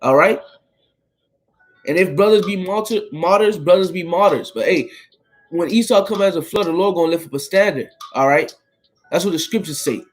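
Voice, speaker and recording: A man's voice: high-pitched, moderate pace, soft background music, low-quality recording. A man reading scripture and explaining it in an informal, conversational way, often adding "man" and "all right?" and stumbling over words. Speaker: Bible teacher.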